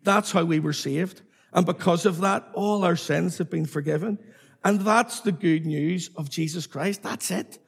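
A man preaching a sermon in a slightly high, husky voice. He is emphatic and repetitive, and calls on his listeners to answer back. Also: a little slow.

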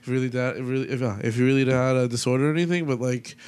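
A man's voice: mid-range voice, fairly even intonation, racing, a little mellow, clean tone. A young man in casual chat, rambling through a story with many fillers.

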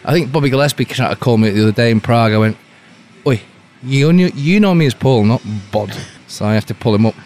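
A man's voice: mid-range voice, quick pace, a little mellow. A man chatting casually as a guest, telling dry, rambling stories and acting out quotes in other voices. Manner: dry, rambling storyteller who acts out quotes. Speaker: guest musician. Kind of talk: casual chat. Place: Cork, Ireland.

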